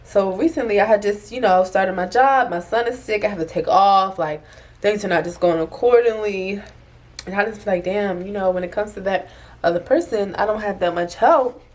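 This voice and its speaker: A woman's voice: medium pitch, moderate pace. Candid young woman rambling casually. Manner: candid, rambling, conversational with fillers. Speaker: vlogger, single mother. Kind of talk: casual confessional vlog. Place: bedroom at home with open window.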